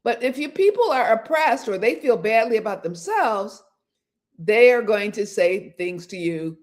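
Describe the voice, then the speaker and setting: Brief: lively older woman host, animated pitch. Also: a little slow. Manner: animated, acts out inner voices, laughs often. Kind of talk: casual motivational talk.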